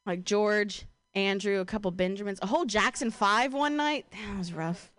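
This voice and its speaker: A woman's voice: mid-range voice, normal speed, fairly bright tone. A young woman from Ohio doing a stand-up comedy set, casual and profane, full of "like" and "you know", self-deprecating. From Ohio, USA.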